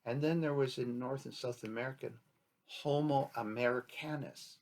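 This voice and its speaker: A man's voice: medium pitch, normal speed, vocal fry, darkish tone. A man giving an unscripted talk as a chief, rambling and argumentative, posing rhetorical questions and acting out imagined exchanges. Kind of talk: unscripted spoken commentary.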